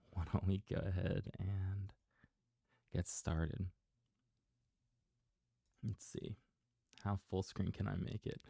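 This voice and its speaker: Low gravelly guy reading bedtime stories on a stream, slow and mellow. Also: no echo, studio quality. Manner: gentle, chatty, laughs softly to himself. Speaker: bedtime story livestreamer. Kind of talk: casual bedtime story livestream.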